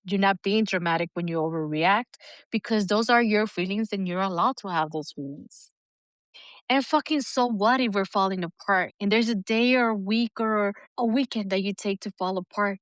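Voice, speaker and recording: A woman co-hosting a podcast, talking candidly and with lots of swearing, lively when she mimics other people. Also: medium pitch, normal speed, no echo, studio quality. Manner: candid, profane, animated when quoting others. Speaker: podcast co-host. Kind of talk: casual podcast chat.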